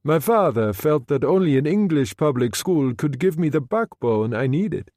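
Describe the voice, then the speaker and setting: A man's voice: on the high side, expressive, moderate pace, mellow, dry recording, studio quality, pitched above the performer's own voice, lightly acted. A man voicing a bold, charming Italian man in the water, jaunty and teasing in manner.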